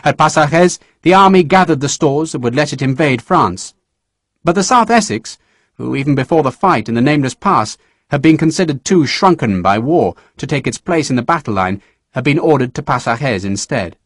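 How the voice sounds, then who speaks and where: A man narrating a historical novel audiobook in a measured storytelling manner. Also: a little high, animated, no echo, clean studio sound. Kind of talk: scripted narration.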